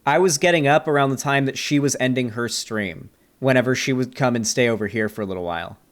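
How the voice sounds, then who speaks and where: A man hosting his channel, giving loose, animated commentary on a debate clip and swearing now and then. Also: mid-range voice. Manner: animated, swearing, quick asides. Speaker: debate reviewer, channel host. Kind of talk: casual commentary.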